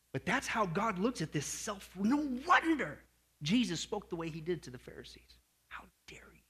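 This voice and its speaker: Animated high-voiced male preacher. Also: husky. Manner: animated preaching, swinging from loud outbursts to hushed asides. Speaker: pastor. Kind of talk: sermon. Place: Las Vegas.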